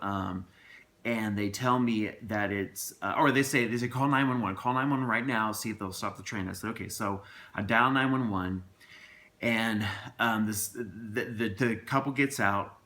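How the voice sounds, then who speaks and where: A man recounting a story to camera in loose, rambling talk, doubling back on himself again and again. His voice sits fairly low but comes through bright, forceful and edged. He sounds earnest throughout. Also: a little slow. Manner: rambling and earnest, many restarts and asides. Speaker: father telling a personal story to camera. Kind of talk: casual spoken storytelling.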